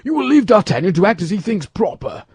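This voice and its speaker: A man reading an audiobook, voicing a calm, authoritative noble musketeer who speaks firmly. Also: high-pitched, fast talker, breathy edge, no echo, studio quality, voice pushed up, exaggerated voice. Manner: firm and declarative.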